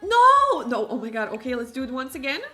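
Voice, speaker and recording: A woman streamer chatting casually through a gameplay session, exclaiming often and filling pauses with "like" and "um". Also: on the high side, fairly even intonation. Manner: chatty, exclamatory, many fillers. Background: faint game music.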